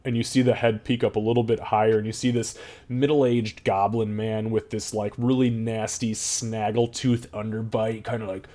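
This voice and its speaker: A man's voice: on the low side, little pitch movement, moderate pace, mellow. A man narrating as game master in a casual, profane way.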